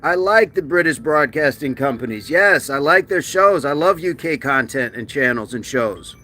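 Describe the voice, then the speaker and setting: Bright-voiced man chatting on a livestream. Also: a little high, lively intonation. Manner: chatty and joking, with quick asides and restarts. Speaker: livestream host. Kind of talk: casual live-stream chat, reading comments aloud.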